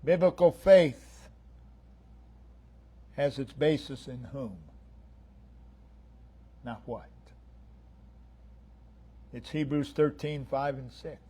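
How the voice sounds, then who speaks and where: A man preaching a sermon, emphatic and repetitive, swinging between loud declarations and hushed lines. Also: medium pitch, extremely slow, pauses often, husky. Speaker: pastor.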